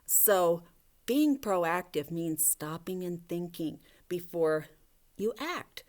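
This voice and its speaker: A woman teacher giving a gentle, coaxing video lesson to young children, talking to a puppet. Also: on the low side, expressive, slow. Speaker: elementary school teacher.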